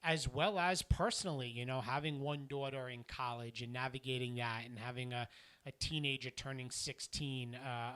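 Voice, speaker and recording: A middle-aged man speaking as a motivational keynote speaker on a podcast. His voice is bright and forceful and sits at a middle pitch. He talks earnestly and with emphasis, softening when he recounts moments with audience members.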